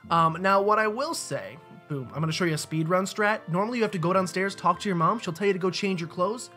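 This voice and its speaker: A man's voice: sits high, fast, bright, forceful tone, faint music behind. Give me a rambling young gamer guy. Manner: rambling, joking, lots of fillers. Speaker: let's play gamer. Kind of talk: casual game commentary.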